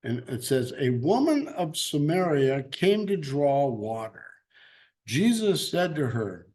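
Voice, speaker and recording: Bible class teacher, man, slightly high voice, slow and chatty. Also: sing-song, darkish tone. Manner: chatty, laughs easily, loose restarts. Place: church classroom.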